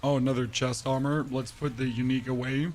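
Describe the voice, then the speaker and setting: A slightly hoarse man giving casual, rambling commentary while streaming a game, joking with his chat. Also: mid-range voice, level tone, fairly quick, darkish tone, slight background noise. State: a bit hoarse.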